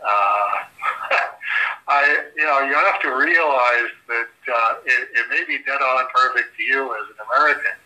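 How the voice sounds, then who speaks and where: Canadian man from comics, a regular guest; unhurried, hesitant, sharp-toned. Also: medium pitch, poor audio. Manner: halting, lots of "uh" and restarts. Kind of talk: casual podcast chat.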